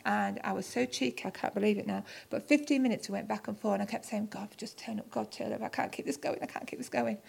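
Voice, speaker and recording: Gravelly woman telling a story. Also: on the high side, a little mellow. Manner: chatty storyteller, acts out both sides of conversations. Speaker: charity founder telling her story. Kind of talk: testimony to a church audience.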